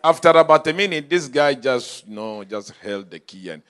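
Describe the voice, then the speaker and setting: A male pastor preaching a sermon in a church, telling stories and swinging from quiet asides to shouted calls. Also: medium pitch, expressive, moderate pace, clear, resonant tone.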